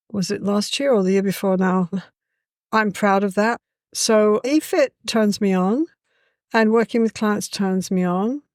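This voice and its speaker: A woman tells stories in a lively, chatty way and often says "you know." Her voice sits at an ordinary middle pitch. The recording is dry and close, with almost no room sound. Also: dry recording. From England. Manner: lively, warm-hearted, with a frequent "you know". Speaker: guest. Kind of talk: casual conversational storytelling.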